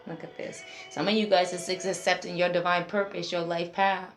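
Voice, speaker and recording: Woman doing a tarot reading, kinda low voice, chatty, talks to everyone watching, roomy echo, faint music in the back. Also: little pitch movement, moderate pace. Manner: chatty, addresses viewers directly as a group. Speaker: tarot reader. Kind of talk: casual spoken tarot reading.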